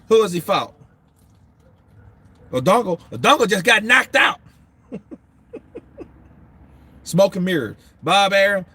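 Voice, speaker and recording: A man hosting a boxing talk show, answering viewers in a casual, animated, profane way, and laughing often. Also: high-pitched, breathy edge.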